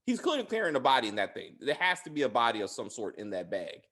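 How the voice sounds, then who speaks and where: A man's voice: medium pitch, wildly swooping pitch, fast talker, sharp tone. A man hosting a casual TV spoiler review, rambling and profane with lots of filler words. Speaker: show host reviewing TV episodes.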